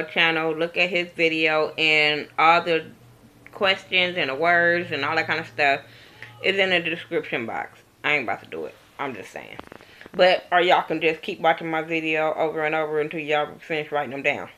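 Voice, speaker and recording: Sitting at home with the camera in front of her, this Compton, California vlogger chats to viewers in a low, sharp-toned voice at a moderate pace. She jokes around, speaks bluntly, laughs a lot and doesn't hold back on the swearing.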